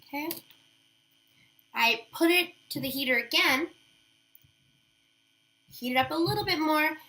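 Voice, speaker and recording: A chatty, upbeat woman walks through a nail wrap tutorial, talking as she works. Her voice sits high. It has a bright, forward ring. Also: measured pace, pauses often. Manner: chatty, upbeat, thinks aloud while working. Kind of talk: casual how-to demonstration.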